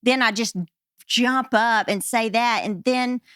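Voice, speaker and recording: A woman host with a fairly high voice tells animated, rambling stories and laughs at herself. The sound is close and dry, with no room around her. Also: slow pace, smooth, no room sound. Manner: animated, rambling anecdotes with self-deprecating laughs. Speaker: podcast host. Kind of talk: casual storytelling conversation.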